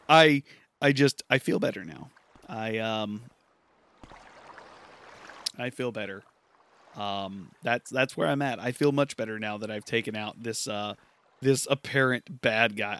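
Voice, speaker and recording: Male gaming podcaster, mid-range pitch, loose self-amused rambling commentary. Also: fairly bright tone. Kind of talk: casual gameplay commentary.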